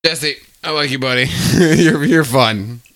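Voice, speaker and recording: A man co-hosting a casual podcast from a home basement, drinking and joking loudly with crude, profane humor into a podcast mic. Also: on the high side, unhurried. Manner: loud, joking, profane, animated. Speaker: podcast co-host.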